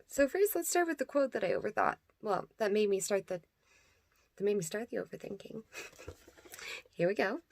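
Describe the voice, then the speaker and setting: A woman's voice: medium pitch, no room sound. A young woman hosting a casual self-care vlog, rambling and chatty, laughing often and sometimes dropping into whispers. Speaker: vlogger host.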